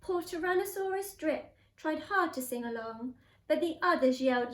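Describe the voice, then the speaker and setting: A woman teacher reads a children's storybook aloud in an expressive, sing-song way. Her voice sits high and swoops widely, with an unhurried pace. It rings in an echoey room. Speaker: primary school teacher.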